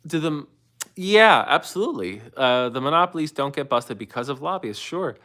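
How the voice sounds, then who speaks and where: A man's voice: on the high side, expressive, moderate pace, sharp tone. A man in his thirties hosting a live stream, chatting loosely with viewers and answering their questions, rambling with many restarts. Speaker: livestream host. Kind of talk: casual live-stream talk answering chat.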